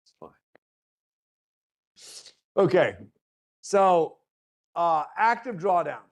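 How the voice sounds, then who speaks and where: A male university lecturer with a high, animated voice speaks extremely slowly during a classroom lecture. He checks in with his students through frequent rhetorical questions and light joking asides.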